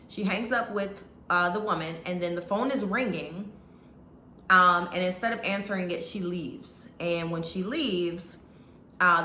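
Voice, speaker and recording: A woman with a bright, forceful voice and a lowish pitch rambles through a casual movie review. She restarts her sentences often and talks in a loose, colloquial way. The sound is roomy and echoey. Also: a little hiss or hum. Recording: echoey room.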